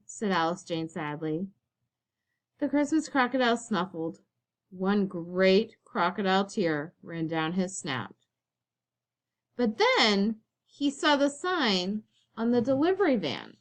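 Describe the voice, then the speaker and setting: A woman teacher reading a children's picture book aloud, expressive and storytelling. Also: mid-range voice, unhurried.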